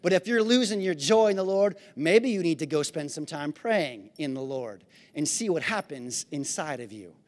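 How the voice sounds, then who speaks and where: High-voiced preaching man in a reverberant hall. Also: lively intonation, moderate pace, hardly any pauses. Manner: shouted praise then conversational asides. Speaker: pastor. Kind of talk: sermon. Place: church sanctuary.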